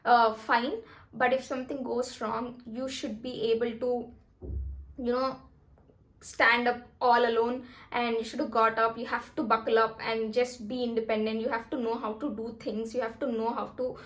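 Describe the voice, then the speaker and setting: A young woman with a slightly high voice gives life advice in a casual vlog. She talks in a chatty, emphatic way and now and then eats while she speaks. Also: level tone, normal speed. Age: 20s. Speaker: vlogger.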